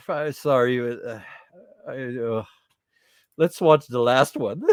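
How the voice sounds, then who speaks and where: A man's voice: on the high side, a little slow, smooth, no echo, studio quality. A man hosting a podcast, chatting casually about a toy collection, teasing the figures and giggling between remarks, now and then slipping into French. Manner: switches into French at times. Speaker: podcast host.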